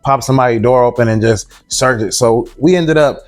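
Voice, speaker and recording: A man's voice: mid-range voice, fairly quick, faint music behind. A man telling a story in a loose, slangy way, keeping his listener on board with the same tag line as he goes and acting out the other people in it. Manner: slangy, animated, acts out the voices of others. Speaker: interviewee. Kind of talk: casual storytelling.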